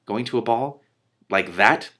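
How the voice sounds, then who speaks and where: A man's voice: mid-range voice, animated, measured pace, bright, forceful tone. A man reading the lines of an old, meddling fairy woman, grand and cheerfully overbearing.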